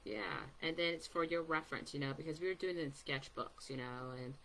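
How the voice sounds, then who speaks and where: Low-voiced lady chatting through a paint demo, lots of ums, faint room hiss behind. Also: fairly quick, gravelly, a bit bright. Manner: chatty, rambling, many ums, giggles to herself. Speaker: artist giving a painting demo. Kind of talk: casual live art demonstration.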